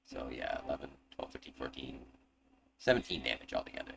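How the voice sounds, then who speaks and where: A man's voice: a bass voice, animated, fast talker, creaky, fairly bright tone. A man narrating and running a tabletop game as game master, casual and joking, with swearing asides. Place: home. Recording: noisy home recording.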